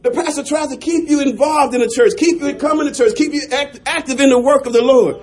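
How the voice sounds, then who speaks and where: A man preaching a sermon as a pastor, shouting in rising runs and chuckling between lines. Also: extremely high pitch, fairly quick.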